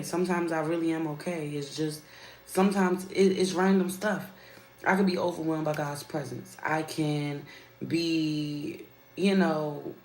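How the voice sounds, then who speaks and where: A woman with a low voice talks candidly and unhurriedly to her live-stream viewers, calling them y'all. The sound is roomy and echoey, with a faint ambient hum underneath. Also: darkish tone. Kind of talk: casual chat. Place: at her workplace.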